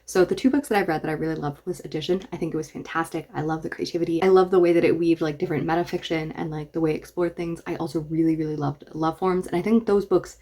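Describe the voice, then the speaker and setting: A woman's voice: low-pitched, steady tone, quick pace, few pauses, dark tone. A woman book reviewer talking casually and enthusiastically in a reaction vlog. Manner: enthusiastic, chatty.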